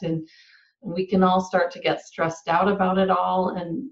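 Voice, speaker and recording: A woman interviewer asking measured, thoughtful questions. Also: lowish voice, little pitch movement, gravelly. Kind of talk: conversational interview. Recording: roomy, dull lo-fi audio.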